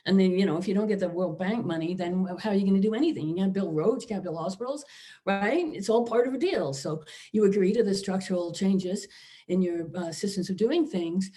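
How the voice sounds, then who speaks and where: Prof lady giving a chatty lecture over a video call, lots of you know and right, medium pitch. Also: expressive, fairly quick, warm tone. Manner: informal, frequent "you know" and "right?" asides. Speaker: philosophy professor giving a lecture. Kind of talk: conversational academic lecture.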